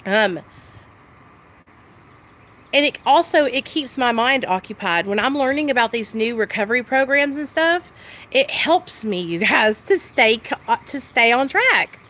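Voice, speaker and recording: A young woman chatting loudly and excitedly on a live stream about her recovery, talking straight to her viewers. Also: a little high, a little slow. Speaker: recovery vlogger. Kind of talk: casual live-stream chat.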